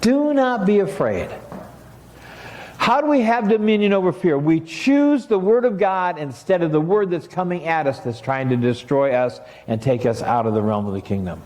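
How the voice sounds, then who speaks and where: A man's voice: on the high side, moderate pace, few pauses, darkish tone, echoey room. A middle-aged man, a pastor, preaching a sermon in a church sanctuary, talking casually and then rising into emphatic passages.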